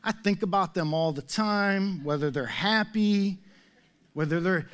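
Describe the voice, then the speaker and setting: A man's voice: sits high, lively intonation, moderate pace, a bit bright. A middle-aged man preaching a sermon as pastor, conversational and full of rhetorical questions and self-mocking humor.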